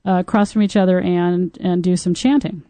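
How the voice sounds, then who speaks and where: On a dry recording, a woman with a lowish voice and a singer's trained tone speaks a little fast. She's a podcast host and Tantra teacher who tells stories candidly, lively and frank as she talks openly about intimacy.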